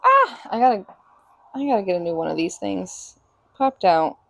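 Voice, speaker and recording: Woman cooking breakfast on stream in her kitchen, just chatting, middle pitch voice. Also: sing-song, normal speed, gravelly, a bit bright. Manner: chatty, talks to her cats in a high sing-song baby voice. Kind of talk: casual cooking stream chat. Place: home kitchen.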